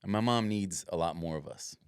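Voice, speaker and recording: A man's voice: low-pitched, moderate pace, clean tone, no echo, clean studio sound. A young man co-hosting a podcast, chatting casually, swearing freely and laughing often. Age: young adult. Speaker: podcast co-host. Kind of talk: casual chat.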